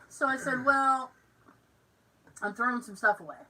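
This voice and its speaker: A woman's voice: high-pitched, slow, bright, forceful tone, distant mic, a little hiss or hum, poor audio. A woman from Massachusetts with a Massachusetts accent, co-hosting a podcast and telling a story in casual chat. She acts out the lines of other people in the story. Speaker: podcast co-host.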